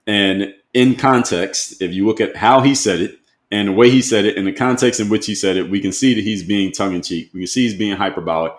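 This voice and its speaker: A man's voice: fairly low pitch, fairly quick. A man hosting a live stream, reading viewer comments aloud and answering them in a conversational way, often repeating rhetorical questions. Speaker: host. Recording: roomy echo.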